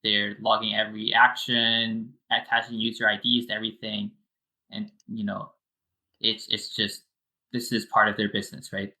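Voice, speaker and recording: Brief: male guest developer, bright and tense tone, lowish pitch, explains features step by step with frequent fillers. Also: little pitch movement, normal speed, low-quality recording. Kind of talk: casual technical explanation.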